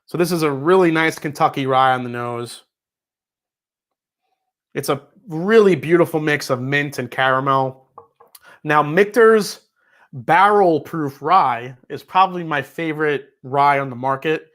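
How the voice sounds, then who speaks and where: A man's voice: on the high side, unhurried, fairly bright tone. A man with a New York accent hosting a casual whiskey livestream, reading out viewer messages and chatting loosely, with casual swearing.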